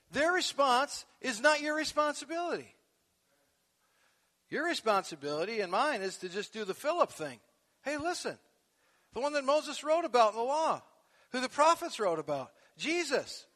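High, bright-voiced preacher in a hall. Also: male voice. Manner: animated preaching, swinging from soft asides to loud emphatic peaks. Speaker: pastor. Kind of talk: sermon. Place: church sanctuary. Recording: long echo of a large hall.

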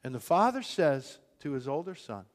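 A man's voice: on the high side, sing-song, moderate pace, long reverb tail. A man preaching a sermon, retelling a parable in plain everyday words and voicing its characters. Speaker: pastor.

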